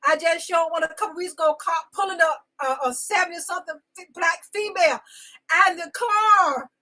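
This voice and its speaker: This woman talks fast in a very high-pitched, fairly bright voice, and the recording is rough. On a live talk show segment she pours out her feelings in a venting live-stream monologue, insistently repeating herself and calling out viewers by name.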